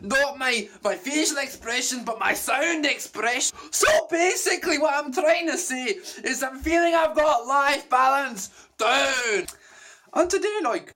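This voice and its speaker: A man's voice: very high-pitched, measured pace, voice pushed up, full character voice. A young man putting on an exaggerated, very broad Scottish accent as a playful version of himself while he moves the camera around. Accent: put-on Scottish. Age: young adult. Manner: loud, sing-song, playful. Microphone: camera moved around.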